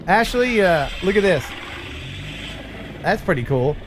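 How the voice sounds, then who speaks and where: A man's voice: high voice, very animated, unhurried, very noisy. A man hosting a casual live stream, joking and rambling with his co-hosts. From United States. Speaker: livestream host.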